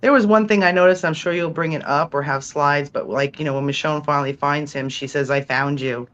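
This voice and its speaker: Excited fan chatting on a podcast, jokey, dull lo-fi sound. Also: medium pitch, fairly quick. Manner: enthusiastic, jokey. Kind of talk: casual fan chat.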